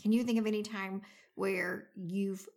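A woman co-hosting a casual chat, telling a story with lively quoted gasps. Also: medium pitch, unhurried. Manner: animated storyteller, acts out her own gasps and quotes.

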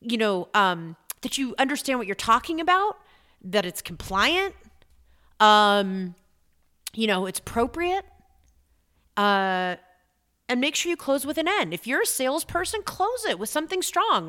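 A middle-aged woman hosting a podcast as a business coach, talking in an energetic, chatty way and repeating points for emphasis. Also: fairly high pitch, a little slow. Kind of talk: motivational podcast talk.

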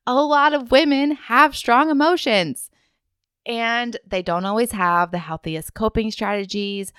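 A woman's voice: fairly high pitch, a little slow, a bit bright, clean tone, no echo, studio quality. A woman hosting a faith-based wellness podcast, speaking earnestly and heartfelt, straight to her listener. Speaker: podcast host.

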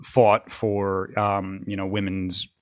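A man hosting a podcast in casual chat, easygoing and thinking out loud with lots of fillers. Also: low-pitched, monotone, takes it slowly, dry recording, clean studio sound. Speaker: podcast host.

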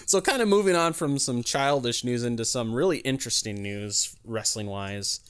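A man's voice: medium pitch, unhurried, a bit bright, clear, resonant tone. A man hosting a casual wrestling podcast, blunt and profane, often restarting his sentences. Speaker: podcast host.

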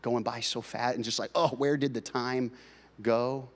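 A male pastor preaching a sermon, swinging between loud, driving passages and quiet, confiding talk with his congregation. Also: medium pitch, steady tone, measured pace. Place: large church hall. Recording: long hall reverb.

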